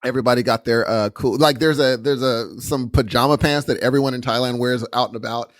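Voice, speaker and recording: Brisk and medium-pitched, a man co-hosting a podcast spins animated stories in relaxed chat, voicing his own thoughts as quotes. The remote call recording is dry and of studio quality.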